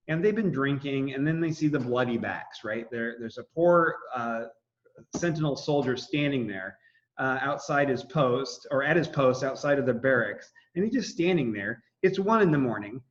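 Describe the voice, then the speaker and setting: A man's voice: medium pitch, dull audio. A man giving a casual history lecture, rambling with many fillers and restarts. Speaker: history teacher.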